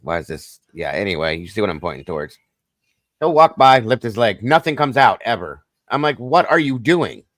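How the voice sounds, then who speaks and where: A man with a fairly low voice hosts a casual chat. He tells joking stories in an animated way. The sound is dry and close. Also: a little fast, no echo. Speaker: podcast host.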